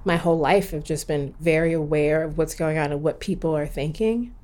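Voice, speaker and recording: Low-voiced woman telling a personal story. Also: brisk. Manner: animated, emphatic storytelling with many fillers. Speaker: partner sharing a personal story. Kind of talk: casual conversation.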